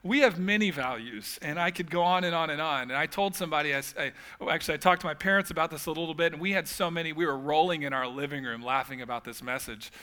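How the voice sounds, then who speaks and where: A man's voice: fairly high pitch, fast, few pauses, sharp tone. A man preaching a sermon as pastor, telling humorous stories with casual asides.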